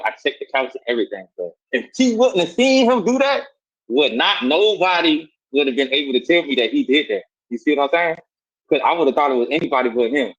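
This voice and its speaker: With a fairly high pitch and a breathy edge, a Southern-accented man from Savannah, Georgia shares a street story as a guest recounting his life. He's animated in casual talk, performing the voices in quotes, and the recording sounds dull and lo-fi.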